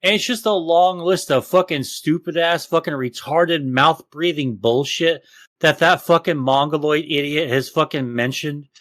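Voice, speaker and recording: High-voiced man ranting profanely. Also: moderate pace, a bit bright, dry recording. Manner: profane, ranting, mocks others in exaggerated voices. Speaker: podcast co-host. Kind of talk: casual podcast chat.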